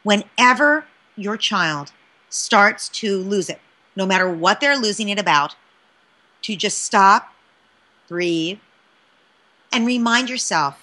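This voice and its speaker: A woman speaking as a parenting expert in an interview, animated and often checking in with "right?". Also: mid-range voice, a little slow. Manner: animated, keeps asking "right?". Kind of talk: interview answer, advice.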